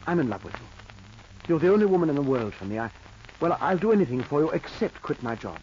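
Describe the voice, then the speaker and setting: A shy, stammering suitor. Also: male voice, a little high, big pitch swings, fast, a little mellow. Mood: shy, earnest. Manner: hesitant and stammering, many restarts. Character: meek, shy male con man courting a lonely woman. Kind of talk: 1940s radio acting. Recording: muffled old radio recording with hiss.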